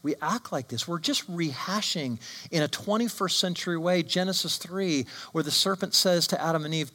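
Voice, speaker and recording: A man's voice: fairly high pitch, moderate pace, pushed and bright. A man preaching a sermon with emphatic delivery and frequent rhetorical questions. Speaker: pastor.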